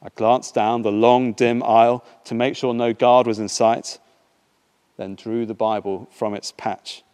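A man preaching a sermon and reading a passage aloud, in a measured, unhurried way with some halting fillers. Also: mid-range voice, little pitch movement, darkish tone, smooth. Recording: long reverb in a large hall.

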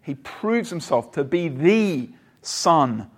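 A man preaching a sermon in a conversational way, asking his listeners questions and pausing on fillers. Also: a little high, sing-song, breathy edge.

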